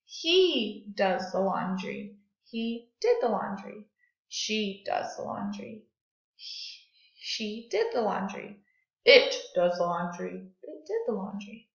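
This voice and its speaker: A woman teaching a recorded grammar and phonics lesson to second graders, speaking slowly and clearly and leading the class through call-and-response drills. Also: medium pitch, sing-song. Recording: echoey room, dull lo-fi sound.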